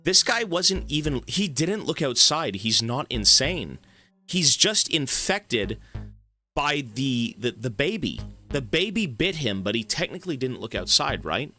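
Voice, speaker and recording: A man's voice: mid-range voice, very animated, unhurried, bright, forceful tone, faint music behind. A man giving casual commentary while playing a horror game, thinking aloud and swearing now and then.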